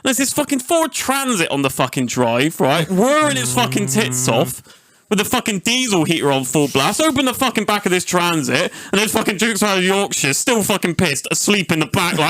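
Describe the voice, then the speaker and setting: A man's voice: high voice, moderate pace, dry recording. A young man, telling a rowdy, swear-filled story as a podcast host. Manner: sweary, animated anecdote-telling. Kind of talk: casual storytelling chat.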